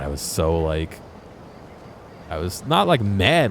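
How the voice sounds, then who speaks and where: A man chatting casually as he plays a video game, telling an animated story full of swearing. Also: deep voice, takes it slowly, long pauses. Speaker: gaming streamer. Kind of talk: casual let's-play chat. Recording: noisy game-capture mix.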